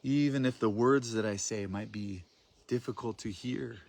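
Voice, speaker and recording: A man guiding a group through prayer and vocal practice, speaking in a soft, loving, grounded tone and drawing his phrases out invitingly. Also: on the low side, normal speed, vocal fry. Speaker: spiritual workshop facilitator.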